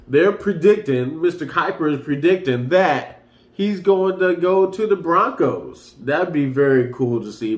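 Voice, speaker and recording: A man's voice: mid-range voice, echoey room. A man hosting a casual sports talk show, rambling loosely and getting hyped as he runs through the news. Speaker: sports commentary host.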